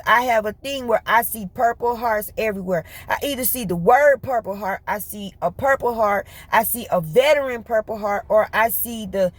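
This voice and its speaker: Woman, fairly high voice, casual storytelling vlog, colloquial, quick bursts, laughs a lot. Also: dry recording. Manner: animated, colloquial, laughs often; talks fast, in bursts. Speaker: vlogger.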